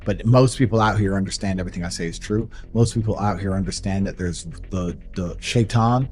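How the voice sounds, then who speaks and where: Low-voiced man stating things bluntly. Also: a little fast. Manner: flat declarative, repetitive short statements. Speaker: motivational speaker. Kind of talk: blunt motivational talk.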